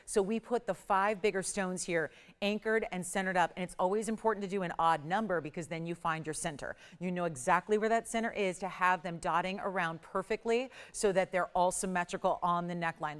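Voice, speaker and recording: A middle-aged woman hosting a live home shopping show, selling jewelry with upbeat, persuasive patter and excited price countdowns from a TV studio. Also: lowish voice, fairly quick, few pauses, clear, resonant tone. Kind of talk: live TV jewelry sales pitch.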